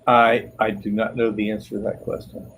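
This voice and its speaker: A man's voice: on the low side, slight background noise, low-quality recording. A middle-aged man in casual chat, rambling through profane stories with lots of laughter.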